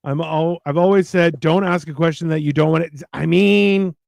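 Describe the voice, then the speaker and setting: A middle-aged man co-hosts a cooking stream, chatting casually while he cooks, swearing and acting out what people in his stories said. His voice is fairly high and creaky, at a moderate pace, with no room sound.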